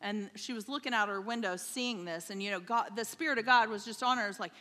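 Woman preaching in a big echoey church, bright sharp voice, slow and storytelling, keeps asking okay?. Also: medium pitch. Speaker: pastor's wife preaching. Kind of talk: sermon. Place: church sanctuary.

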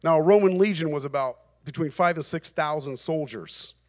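A man's voice: on the high side, normal speed. A male pastor preaching a sermon, emphatic and repeating phrases for emphasis.

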